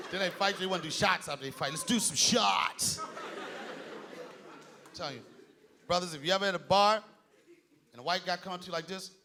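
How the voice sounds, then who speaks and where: A man performing a stand-up comedy set on stage, animated, shouting his punchlines and slipping into voices. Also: high voice, fast. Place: comedy stage before a live audience. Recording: live club with loud crowd laughter.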